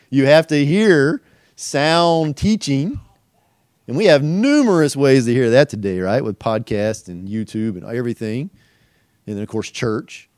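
A man's voice: mid-range voice, darkish tone, dry recording, studio quality. A middle-aged man preaching a verse-by-verse sermon, asking rhetorical questions and acting out quoted voices. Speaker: pastor and teacher.

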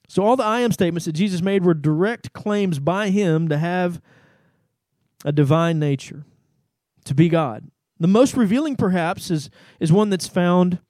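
A man preaching a sermon, reading scripture aloud and stopping to explain it, rising in pitch for emphasis and checking in with "right?". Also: no echo. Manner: animated, rises in pitch for emphasis, asks "right?".

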